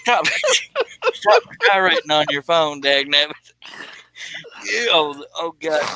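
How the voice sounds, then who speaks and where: A man's voice: a little high, lively intonation, takes it slowly, vocal fry, bright, forceful tone, slight background noise, low-quality recording. A middle-aged man hosting a casual live stream, giggling and reading out viewer comments. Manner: giggly, breaks into helpless laughter, reads out viewer comments.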